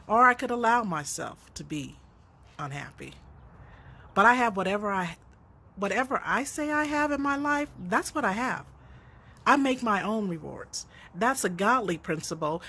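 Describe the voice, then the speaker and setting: A woman's voice: mid-range voice, fairly bright tone, slightly rough. A woman author and counselor giving an unscripted, earnest motivational talk, preaching and telling stories with dialogue.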